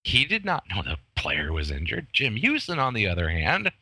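A man's voice: lowish voice, huge pitch swings, normal speed, pushed and bright. A man co-hosting a casual chat, dry and sardonic, making his points with rhetorical questions.

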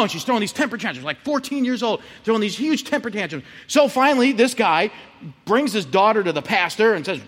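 A man's voice: high-pitched, animated, brisk, a bit bright, long reverb tail. A male pastor giving a sermon in a conversational way, often checking in with "right?". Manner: conversational, frequent "right?" asides.

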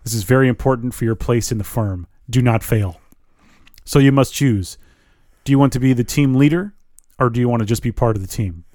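A man's voice: medium pitch, a little fast, darkish tone, dry recording, clean studio sound, natural voice. A man reading aloud as a thin, stern young corporate HR man with stiff, formal phrasing. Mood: menacing.

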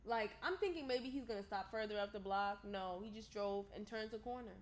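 A woman casually telling a story, animated, acting out quotes, swearing freely. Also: medium pitch, brisk.

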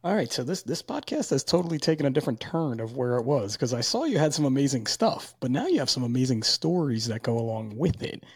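Man, 40s, podcast host; gravelly, husky, dry, casual and candid. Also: mid-range voice, sing-song, fast talker, few pauses, no room sound. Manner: chatty, candid, repeats words. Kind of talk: casual interview chat.

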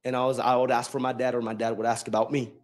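A young man preaching a sermon and telling his own story, moving from quiet reflection to shouted emphasis. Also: mid-range voice, level tone, fast talker. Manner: testimony-style preaching, swinging from soft reflection to shouted emphasis.

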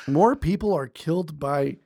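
A man in casual conversation, animated and laughing as he tells stories. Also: fairly high pitch, unhurried, gravelly, no room sound, studio quality. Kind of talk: casual podcast chat.

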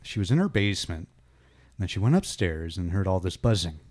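A man's voice: deep voice, normal speed. A man co-hosting a podcast from his kitchen, telling stories with lots of swearing and laughter. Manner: swears a lot, laughs often, animated storyteller. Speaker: podcast co-host. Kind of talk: casual chat. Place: home kitchen.

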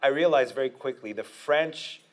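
A male comedian chatting through an interview at an ordinary mid pitch. He talks in lively bursts, laughs a lot and throws in quick asides. His voice sits squarely in the everyday male range. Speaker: stand-up comedian, interview guest. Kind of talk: casual interview talk.

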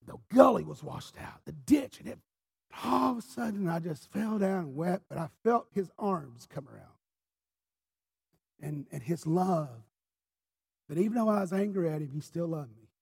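Impassioned, husky-voiced preacher. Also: male voice, fairly high pitch, lively intonation, normal speed. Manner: impassioned storyteller, swinging from quiet to shouting. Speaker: pastor. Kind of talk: sermon. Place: church.

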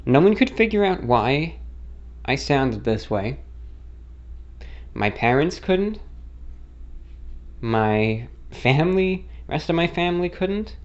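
A man's voice: medium pitch, highs cut off. A man from the United States with a faintly non-rhotic American accent, answering a listener question as host in a rambling, self-correcting story. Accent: American with a mildly non-rhotic, slightly British-like lilt. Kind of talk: casual monologue.

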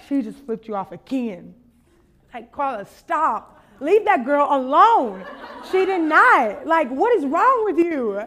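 A young woman from Louisiana speaks at a conference, her voice sitting high. She tells comic stories full of acted-out voices and laughter, then turns them into preaching. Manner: animated, laughing, acts out voices in anecdotes. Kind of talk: storytelling sermon.

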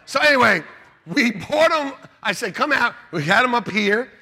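A middle-aged man, a pastor, preaching a sermon with animated storytelling, laughing and shouting out quotes. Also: very high voice, normal speed, creaky, slightly rough.

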